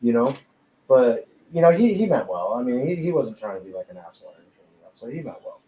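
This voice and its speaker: A man's voice: mid-range voice, very animated, quick pace, mellow, a little hiss or hum. Slangy laughing man telling a story. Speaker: tattoo artist telling a personal story. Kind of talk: casual storytelling chat. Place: tattoo studio during a live podcast. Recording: roomy echo, faint ambience.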